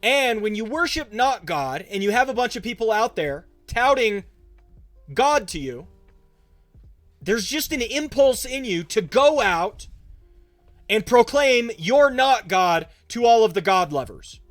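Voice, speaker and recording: A young pastor with a fairly high voice chats loosely with his livestream viewers, picking up their questions as he goes. The sound is dry and close to the mic, with faint music playing under his voice. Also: sing-song, unhurried, a bit bright, no room sound. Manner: casual, conversational, answers chat questions. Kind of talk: livestream Q&A talk.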